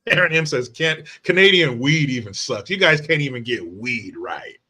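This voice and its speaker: A man's voice: mid-range voice, animated, normal speed, pushed and bright. A man hosting a live stream from the United States, reacting to chat in a brash, mocking, profane way. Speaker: livestream host.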